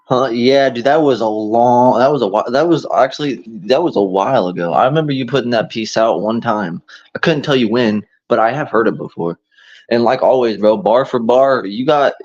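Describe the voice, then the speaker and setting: A man's voice: medium pitch, normal speed, darkish tone. Rambling man on a muffled recording. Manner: loose and rambling, with fillers and restarts. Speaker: podcast co-host. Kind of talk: casual chat. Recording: dull, muffled lo-fi sound.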